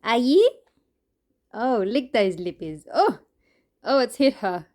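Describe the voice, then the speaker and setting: Australian woman, casual home vlog, coos in unhurried sing-song baby talk, laughs a lot, curses in asides. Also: medium pitch, animated, a little mellow. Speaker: vlogger filming her cats. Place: home kitchen, indoors.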